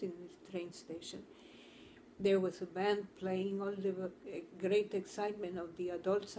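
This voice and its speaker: A woman's voice: on the low side, dark tone, a little hiss or hum. A woman therapist telling a client's story to camera in an earnest, storytelling manner. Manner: earnest, storytelling, slow and deliberate. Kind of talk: talk to camera.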